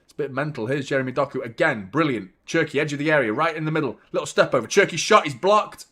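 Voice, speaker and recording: A young man, giving a live watchalong commentary on a football match, chatty and swearing, shouting in outrage at fouls. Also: fairly high pitch, lively intonation, fast talker.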